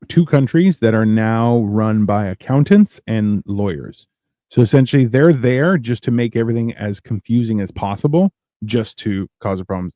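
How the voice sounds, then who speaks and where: A man's voice: medium pitch, warm tone, no room sound. A man from Canada co-hosting a podcast, rambling and joking, often acting out what other people say. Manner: rambling, joking, acts out quoted voices. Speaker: podcast co-host. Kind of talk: casual podcast banter.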